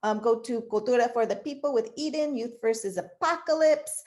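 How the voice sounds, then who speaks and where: A woman's voice: a little high, moderate pace, darkish tone. A woman moderating an online event over a video call, upbeat and friendly as she makes announcements. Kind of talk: announcing breakout rooms.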